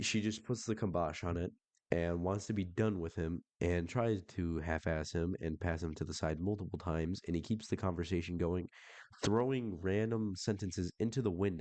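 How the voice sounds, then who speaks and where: Deep-voiced sarcastic young man. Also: a little mellow, no echo. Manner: sarcastic, blunt, swears freely. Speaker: reddit story reader. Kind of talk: casual commentary reading online messages.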